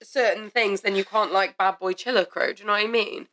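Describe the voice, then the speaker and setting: A young woman co-hosting a podcast, chatting in a bubbly, jokey way with quick asides. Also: medium pitch, fairly even intonation, bright, forceful tone. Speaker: podcast co-host. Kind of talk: casual chat.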